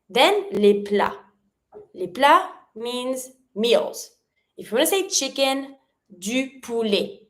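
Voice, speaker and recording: A woman's voice: on the high side, expressive. Upbeat woman teaching vocabulary. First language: French. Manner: slows down to model words clearly. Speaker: French teacher. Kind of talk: online language lesson.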